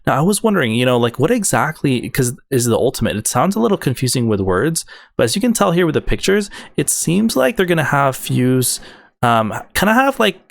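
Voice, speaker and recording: A man's voice: mid-range voice, very animated, fairly quick, gravelly. A man hosting a gaming video, breaking down game updates in an enthusiastic, rambling way with many fillers and restarts.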